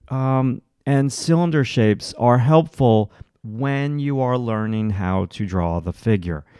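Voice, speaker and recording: A man's voice: on the low side, creaky, a little mellow, clean tone, no echo, clean studio sound. A man teaching a livestreamed drawing lesson, talking through each stroke as he sketches and encouraging viewers to keep going. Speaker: art instructor.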